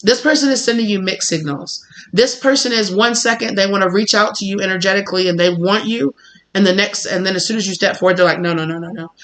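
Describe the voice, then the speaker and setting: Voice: mid-range voice, quick pace, a bit bright. Chatty tarot reader who swears freely. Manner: rambling and chatty, acting out little scenes. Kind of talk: casual spoken tarot reading.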